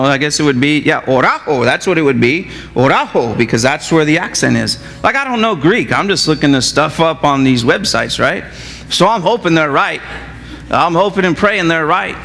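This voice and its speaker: A male pastor preaches to his congregation in a high, very expressive voice that swings up and down. He keeps asking the room questions. His words ring with the long reverb of a church hall. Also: gravelly, a little hiss or hum. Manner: animated, asks the congregation questions. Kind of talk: sermon. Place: church sanctuary.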